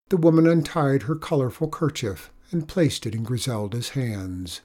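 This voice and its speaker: Husky-voiced storybook narrator. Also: mid-range voice, expressive, moderate pace, hardly any pauses, mellow.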